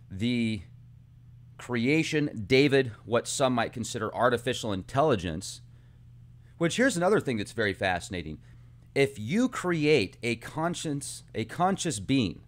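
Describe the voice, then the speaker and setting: A man hosting his own video channel, talking through a film's symbolism in an earnest, animated monologue. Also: medium pitch. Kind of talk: casual monologue analysis.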